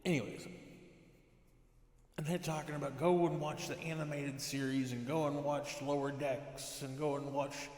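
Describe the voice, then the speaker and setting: A man's voice: a little high, level tone, normal speed, darkish tone. A man giving a rambling, sarcastic, exasperated rant to camera, with many restarts. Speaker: toy collector vlogger. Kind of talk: ranting commentary. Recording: echoey room with long reverb.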